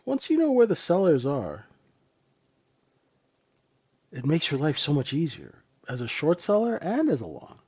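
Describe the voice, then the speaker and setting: A man's voice: a little high, wildly swooping pitch, unhurried, pauses often, a little mellow, slightly rough, muffled recording. A man running a live trading room, explaining charts in a casual teaching manner and answering viewers' questions as he goes. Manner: conversational, answers viewers' questions, rhetorical "right?". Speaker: trading instructor.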